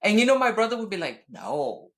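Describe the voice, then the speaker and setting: A woman's voice: mid-range voice, huge pitch swings, a little fast. Blunt, profane woman telling a story. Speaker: podcast co-host. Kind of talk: casual chat.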